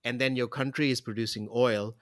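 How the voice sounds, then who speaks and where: A man's voice: mid-range voice, fairly even intonation, a bit bright, no room sound, studio quality. Rambling man hosting a podcast. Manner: rambling, halting, many restarts and fillers. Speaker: podcast host. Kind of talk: casual chat.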